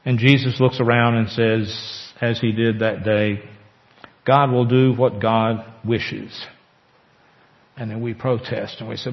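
A man preaching a sermon as pastor, earnest, with slow emphatic pauses. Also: medium pitch, steady tone, creaky. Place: church sanctuary. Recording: echoey church hall, dull lo-fi sound.

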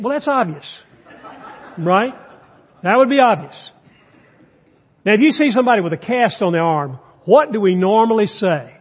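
Man, folksy sermon, husky, reverberant church, muffled sound. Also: high voice, animated, normal speed, long pauses. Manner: folksy, conversational preaching with humor. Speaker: guest preacher. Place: church sanctuary.

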